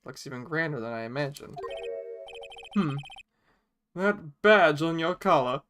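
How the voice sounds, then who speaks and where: A woman voicing a pompous, blustering older male lawyer who talks in a booming, theatrical way, with game music behind. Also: expressive, a little slow, a bit bright.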